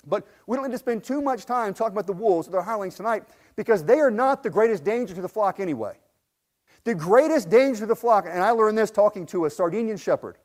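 Man, pastor, sermon, high voice, earnest storytelling, swings from emphatic to hushed, restarts phrases. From United States. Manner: earnest, builds to emphatic peaks, then drops low and soft; frequent restarts and repeated words.

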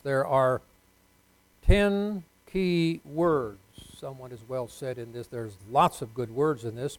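A man delivers a sermon in a voice pitched a little high for a man. He leads the congregation in call-and-response and swings from soft, low asides to loud, emphatic lines. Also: poor audio. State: unwell. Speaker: preacher.

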